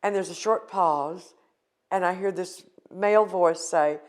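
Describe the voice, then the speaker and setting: In an earnest, emotional interview, an older American woman recounts a painful personal experience. Her voice is fairly low and her pace unhurried.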